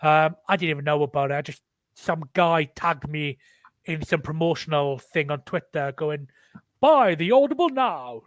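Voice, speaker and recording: A man's voice: on the high side, level tone, normal speed, a bit bright, dry recording. A man with a Welsh accent, the guest author in a casual online chat, talking candidly with many restarts.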